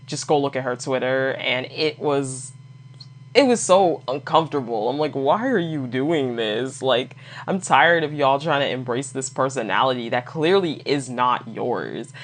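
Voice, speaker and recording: A woman with an unusually deep, low voice hosts a casual solo podcast. She talks bluntly and swears freely, laughing often as she rants and throws in lively asides. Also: normal speed. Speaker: podcast host.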